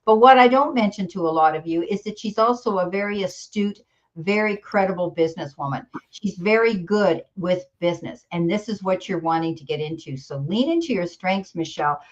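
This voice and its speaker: A woman with a slightly low voice hosts a tarot reading on a live stream. Her audio comes through dull and lo-fi. She gives direct, encouraging advice. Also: fairly quick. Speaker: host tarot reader. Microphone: computer mic on a live stream.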